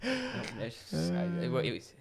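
A man's voice: high-pitched, measured pace, creaky. A man from Newfoundland, a podcast guest, telling casual stories with lots of swearing and repeated words. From Newfoundland, Canada. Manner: animated storyteller with frequent repeats and swearing. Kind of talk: casual chat.

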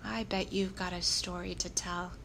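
A woman's voice: lowish voice, level tone, moderate pace, creaky, background noise. A woman doing a flustered male school principal. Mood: gentle. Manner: shouts in alarm, then speaks softly and kindly. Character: male school principal, dog owner, flustered but loving. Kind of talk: children's audiobook reading.

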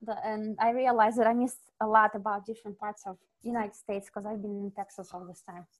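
A young woman with a Russian accent, chatting casually as an interview guest, animated and laughing often. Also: medium pitch, a little fast.

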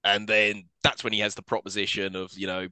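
A man's voice: lowish voice, level tone, fairly quick, bright, forceful tone, clean tone, no echo. A man co-hosting a casual film-review podcast, recapping the plot with laughing asides. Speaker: podcast co-host.

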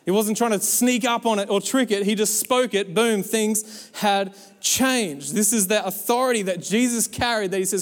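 A man with a high voice preaches a sermon, urging his church on with lively exhortation and playful asides. His voice carries a long reverb that hangs in a large hall. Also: normal speed, few pauses. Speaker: pastor.

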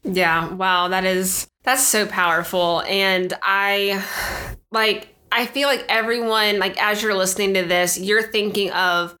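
A woman's voice: medium pitch, steady tone, unhurried, bright, forceful tone. A woman co-hosting a podcast in casual chat, rambling with lots of filler words and restarts. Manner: rambling, heavy use of "like" and "you know".

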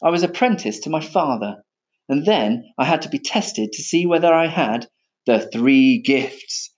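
Brief: a man playing a lofty, stern father figure, firm and a touch raised in pitch. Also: lively intonation, a little slow. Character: stern proud older male firework maker.

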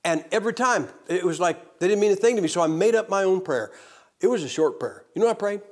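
Preaching a revival sermon in a high voice at a quick pace, this man tells his testimony as an animated story, moving between loud declarations and hushed moments.

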